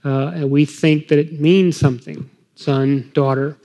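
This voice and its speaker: Earnest middle-aged man, fairly high voice. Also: level tone, measured pace, mellow, big-room sound. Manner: earnest, emotional, acts out parent-child dialogue. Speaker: guest speaker on parenting. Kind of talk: conversational faith talk.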